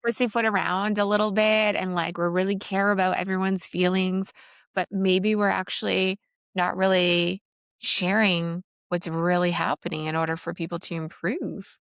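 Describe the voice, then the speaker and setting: Low gravelly woman hosting an interview. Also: fairly even intonation, normal speed, a bit bright, no echo, clean studio sound. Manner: reflective, sums up the guest's points. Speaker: podcast host, educator. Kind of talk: casual interview talk.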